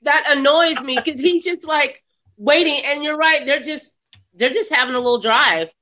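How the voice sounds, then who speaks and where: A woman's voice: high-pitched, moderate pace, bright, forceful tone. A woman in a casual chat about a film, animatedly retelling scenes and quoting the characters. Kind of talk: casual movie review chat.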